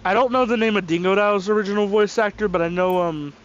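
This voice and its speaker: A man's voice: high voice, fast talker, highs cut off. A young man from the American South, giving rambling, opinionated commentary over gameplay, full of fillers and restarts. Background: game music.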